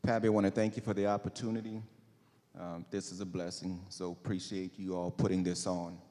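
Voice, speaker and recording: A man's voice: low-pitched, flat delivery, fairly quick, dark tone. A man giving a sincere, preacherly closing statement as a candidate, quoting scripture. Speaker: candidate for parish president. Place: school auditorium. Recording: reverberant auditorium with long echo.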